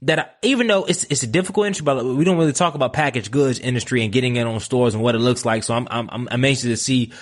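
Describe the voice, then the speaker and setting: A man hosting a podcast, chatting casually and excitably, full of slang like man and bruh. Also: mid-range voice, fast talker, few pauses. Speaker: podcast host. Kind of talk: casual interview chat.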